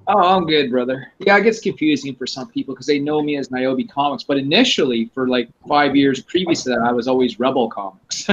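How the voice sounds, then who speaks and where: A man's voice: medium pitch, slightly rough, muffled recording. A man, a comic creator guest, chatting in a friendly, casual way on a video call. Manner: friendly, calls people brother.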